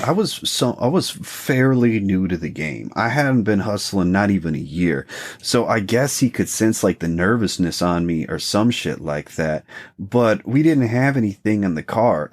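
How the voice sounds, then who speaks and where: A man co-hosting a podcast, telling rambling, profane stories in a laid-back casual chat. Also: lowish voice. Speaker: podcast co-host.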